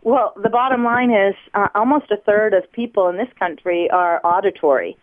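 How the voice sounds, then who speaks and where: A woman from the United States, a body language expert, explaining on a radio show in a lively teaching tone over the phone. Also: medium pitch, moderate pace. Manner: lively teaching tone, acts out examples. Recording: tinny phone line.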